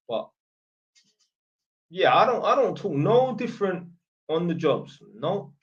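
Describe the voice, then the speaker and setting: This is a man with a fairly high voice. He answers viewer questions in a casual livestream chat, blunt and full of slang and swearing. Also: big pitch swings, slow pace, long pauses, highs cut off. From Northampton, England.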